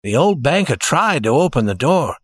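A man narrating a story with a lively, rising and falling pitch. His reading is steady and expressive. The sound is dry and close, with no room in it. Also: normal speed, slightly rough, no room sound.

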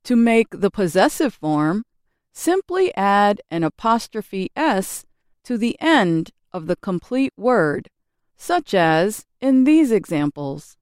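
A woman reading a scripted English grammar lesson with slow, careful, clearly enunciated delivery. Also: mid-range voice, sing-song, dry recording, clean studio sound. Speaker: English teacher.

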